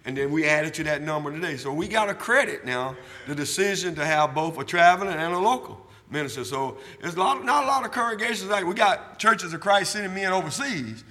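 A man preaching a sermon in church, drawing call and response from the congregation, repeating himself and building from quiet talk to loud shouting. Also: on the high side, animated, brisk, few pauses, in a large hall. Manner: repetitive, asks the church for amens. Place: church sanctuary.

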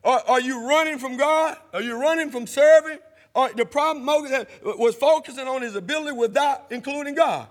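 A man preaching a sermon, using call-and-response and rising to shouts, in a church sanctuary. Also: extremely high pitch, brisk. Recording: long hall reverb.

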